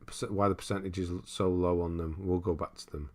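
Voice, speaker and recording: Reading out viewer comments on his casual gaming stream, this young host rambles in a relaxed way and laughs often. His voice is low and his pace runs a little fast.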